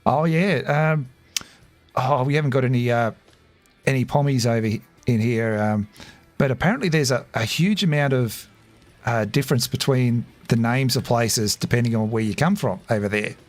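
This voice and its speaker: A man's voice: mid-range voice, moderate pace, soft background music. A middle-aged Australian man chatting casually over a game, rambling with lots of fillers and restarts and laughing easily. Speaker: gaming streamer. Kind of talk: casual gameplay commentary.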